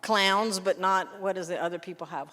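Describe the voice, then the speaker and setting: A woman English teacher leading a workshop, explaining classroom games in an animated way and checking in with the room often. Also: fairly low pitch. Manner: lively, animated teacher, quick questions to the room. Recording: long reverb of a hall.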